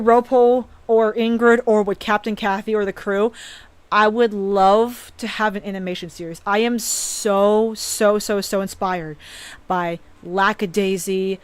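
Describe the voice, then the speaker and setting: A woman's voice: mid-range voice, no echo. A young woman streamer chatting casually and earnestly about her dreams, often stumbling and restarting her sentences, growing teary. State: teary and emotional. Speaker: streamer and animator. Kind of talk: casual live-stream chat.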